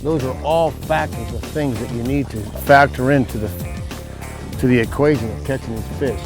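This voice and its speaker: A man, a fishing guide hosting his show, giving excited folksy commentary from a boat outdoors while talking to viewers. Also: mid-range voice, normal speed, music in the background. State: breathing hard.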